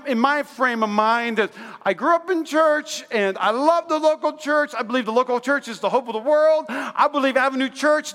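A male pastor in his thirties, his voice extremely high-pitched and sharp, preaches a sermon and tells a personal story in a chatty style full of fillers and restarts. He's in a large church hall with long reverb.

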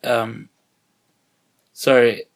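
A man's voice: mid-range voice, little pitch movement, drawn-out words, creaky. A man co-hosting a casual podcast, teasing his co-host with jokes and puns. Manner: teasing, joking banter with puns.

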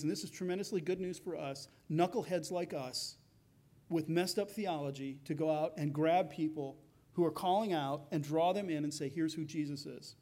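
High-voiced male pastor preaching. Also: warm tone. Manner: conversational preaching, acting out quoted voices. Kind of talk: sermon.

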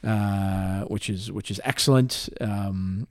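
A man's voice: on the low side, fairly even intonation, takes it slowly. A man co-hosting a casual youth soccer podcast, talking in a rambling way with many restarts. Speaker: podcast co-host, youth soccer club staff.

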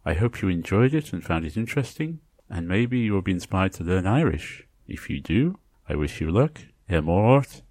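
A man's voice: low-pitched, very animated, moderate pace, few pauses, darkish tone, no echo. A man hosting an educational podcast, explaining in a scripted, teacherly way and carefully pronouncing example phrases. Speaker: podcast host.

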